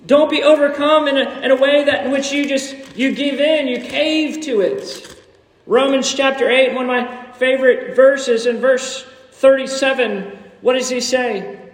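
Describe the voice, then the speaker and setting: A man preaching a Sunday sermon in a church, animated and emphatic, sometimes rising to near shouts and joking with the congregation. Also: very high voice, measured pace. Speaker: pastor. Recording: echoey hall, distant from the mic.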